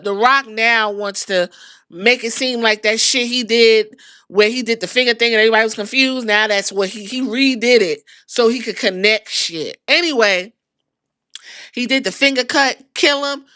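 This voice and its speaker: A woman hosting a podcast, retelling a wrestling show in an animated, profane, casual way. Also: fairly high pitch, normal speed, smooth, no echo, studio quality. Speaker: podcast host.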